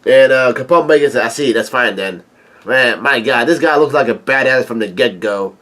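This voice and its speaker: A man reads through a manga chapter out loud, getting excited as he goes. He stumbles frequently with fillers and restarts, and the home recording is low in quality.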